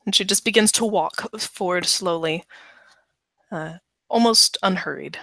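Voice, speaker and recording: A woman with a gravelly, slightly low voice narrates her character slowly and quietly in a tabletop game. The sound is dry. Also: dry recording. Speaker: player.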